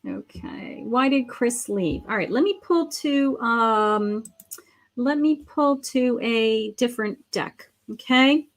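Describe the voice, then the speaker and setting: A woman psychic reading tarot for viewers on a live stream, her voice sitting a little high. She talks in a friendly, affectionate ramble, pausing on ums and restarting sentences as she turns cards. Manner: chatty, affectionate, calls viewers sweetheart and honey; thinks aloud with many ums and restarts.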